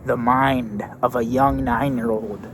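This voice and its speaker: A man's voice: medium pitch, fairly even intonation, takes it slowly, a little hiss or hum. A young man, a youth basketball coach, telling a story in a brash, profane, swaggering way. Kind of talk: casual storytelling rant.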